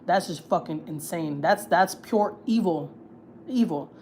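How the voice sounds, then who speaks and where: A woman's voice: fairly low pitch, a little slow, darkish tone, slight background noise. A woman, a family vlogger, tells gossip on a livestream in a blunt, heated, profane way. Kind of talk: casual storytelling, gossip.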